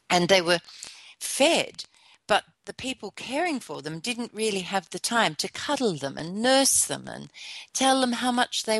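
A woman hosting a motivational talk show, speaking with conversational asides and gentle encouragement. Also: lowish voice, dry recording. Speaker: show host.

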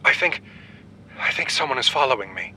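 A man's voice: mid-range voice, expressive, fairly quick, sharp tone, breathy edge, full character voice, low-quality recording. A man voicing a frightened young woman who pleads anxiously over the phone.

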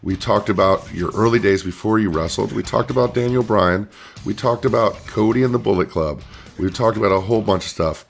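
Deep gravelly man co-host. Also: a little fast. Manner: steady, recapping and setting up questions. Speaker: co-host and interviewer. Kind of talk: casual interview chat.

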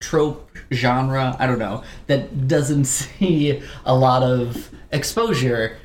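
A man's voice: mid-range voice, takes it slowly. A man co-hosting a podcast in a casual chat about musical theatre, easygoing and agreeable, with dry little jokes. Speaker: podcast co-host. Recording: echoey room, faint background noise.

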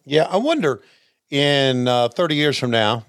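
A man's voice: mid-range voice, animated, unhurried, no room sound. An older man co-hosting a casual chat, making dry, wry comments. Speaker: podcast co-host.

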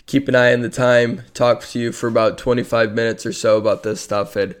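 A man's voice: medium pitch, little pitch movement, fairly quick, few pauses, clear, resonant tone. A man hosting a sports podcast alone, talking casually with lots of fillers and a tired, yawning, self-deprecating ramble. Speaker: podcast host.

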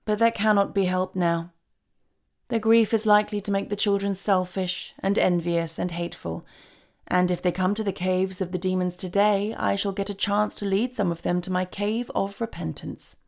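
A woman voicing a soft-spoken, regretful male demon of repentance in a storybook reading, pleasant and pleading in tone. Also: medium pitch, fairly even intonation, normal speed, creaky, natural voice.

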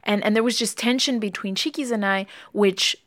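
This podcast co-host, a woman, recounts her own experiences in an openly emotional, candid personal conversation. Her fairly bright, medium-pitched voice moves at a moderate pace. The sound is dry and clean, studio-grade.

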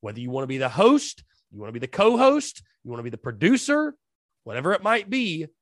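A man hosting a solo sports podcast, talking straight to his listeners in an animated, hype-filled way. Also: on the high side, fast talker, no room sound, studio quality. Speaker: podcast host.

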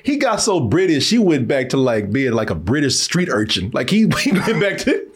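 A man's voice: medium pitch, big pitch swings, normal speed. A man co-hosting a casual movie-reaction chat, talking in loose, laughing, profane banter. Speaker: co-host reacting to film clips.

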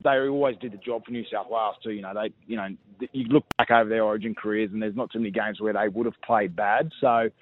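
A man's voice: fairly low pitch, fairly even intonation, fast talker, few pauses. A man with an Australian accent telling footy stories in a blokey, laughing way, calling everyone mate. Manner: blokey, laughing storyteller, says mate a lot. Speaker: former player guest. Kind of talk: casual radio chat. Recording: tinny phone line.

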